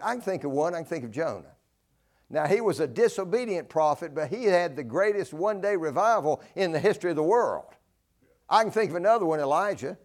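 Man, preacher, sermon, earnest, folksy, slightly high voice. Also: expressive, a little fast, darkish tone. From North Carolina. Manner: earnest, folksy, rises to emphatic peaks.

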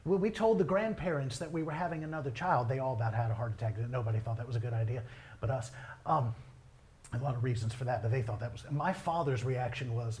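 A middle-aged male pastor preaching a sermon, telling family stories in a lively way. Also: medium pitch, fast talker, slight background noise. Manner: storytelling, animated, quoting others in his own voice.

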